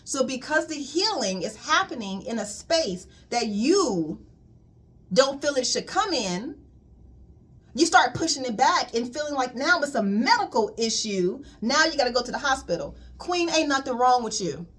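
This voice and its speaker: A woman's voice: high voice, very animated, normal speed, a bit bright, breathy edge. A woman colon hydrotherapist giving a casual spiritual wellness talk, emphatic and repetitive, calling listeners "queen.".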